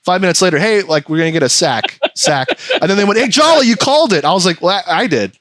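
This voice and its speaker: A man's voice: fairly high pitch, quick pace, a bit bright, no echo. A man hosting a podcast, ranting profanely in casual chat and slipping into mocking voices. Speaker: podcast host.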